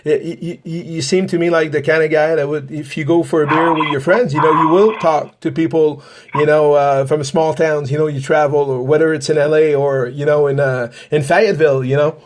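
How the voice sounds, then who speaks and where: A man's voice: on the high side, steady tone, fairly quick, a little hiss or hum. A man hosting a podcast interview, asking long, rambling questions full of restarts and fillers. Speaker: podcast host, paranormal investigator.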